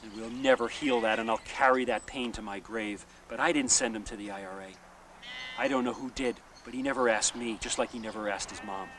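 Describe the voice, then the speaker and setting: A man voicing a heartbroken old father, speaking in a subdued, halting way. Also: mid-range voice, steady tone, a bit bright, recorded from a distance, slight background noise, voice pushed down, lightly acted. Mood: sorrowful. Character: grieving old Northern Irish father, quiet, heartbroken.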